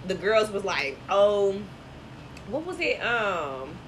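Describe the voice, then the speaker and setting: A woman co-hosting a casual podcast chat, talking bluntly and profanely with animated storytelling. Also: mid-range voice, takes it slowly, slight background noise, poor audio. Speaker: podcast co-host.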